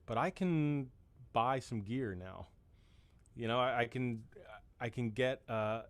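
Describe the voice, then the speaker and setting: A man in his fifties chatting as a musician guest, rambling and self-deprecating, with many restarts. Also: medium pitch. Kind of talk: casual chat.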